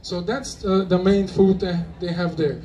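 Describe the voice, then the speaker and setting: A man's voice: high voice, steady tone, a little slow, warm tone. German man rambling playfully from afar. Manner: joking, rambling, playful asides. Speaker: conference speaker. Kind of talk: casual live talk to an audience. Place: convention hall, live audience. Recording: distant mic with faint noise.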